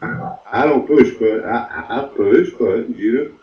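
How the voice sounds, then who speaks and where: A man calling in to a livestream, talking haltingly with many fillers and "you know"s. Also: medium pitch, echoey room, lo-fi sound. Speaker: caller. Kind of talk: casual call-in chat.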